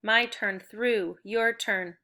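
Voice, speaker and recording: A woman teaches a recorded phonics and spelling lesson to young children, speaking slowly and clearly with encouragement. Her mid-range voice holds a steady tone over heavy background noise.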